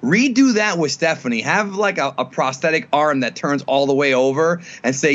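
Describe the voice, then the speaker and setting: A man co-hosting a casual wrestling podcast, animatedly pitching booking ideas with many restarts. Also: expressive, moderate pace, hardly any pauses, fairly bright tone, highs cut off. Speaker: podcast co-host.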